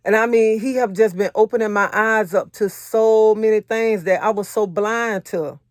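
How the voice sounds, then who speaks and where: Recorded dry at studio quality, a married adult woman with a mid-range voice speaks at normal speed as she encourages listeners in their faith. She preaches in a conversational, earnest manner, repeats her points, and tells her own testimony in everyday vernacular.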